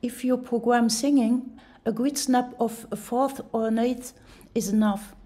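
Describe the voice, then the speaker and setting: Woman walking you through a music software tutorial, mellow calm voice, slightly high. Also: a little slow. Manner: calm, step-by-step instructional. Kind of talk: tutorial voice-over.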